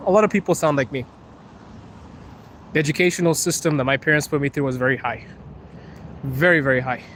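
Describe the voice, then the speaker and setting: A young man from Zimbabwe talks on a night street livestream, his English leaning slightly American. His voice sits a little high for a man and keeps breaking into easy laughter. Faint traffic hums behind him. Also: brisk, fairly bright tone. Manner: chatty, laughs often, playful. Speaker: livestream host. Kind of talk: casual livestream chat reading comments. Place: outdoors on a city street at night.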